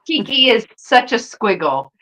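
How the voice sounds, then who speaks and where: Southern woman host, playful chatty storyteller, bright tone with lots of pitch movement. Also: big pitch swings, measured pace, low-quality recording. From Carolinas. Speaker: channel host. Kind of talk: casual live chat.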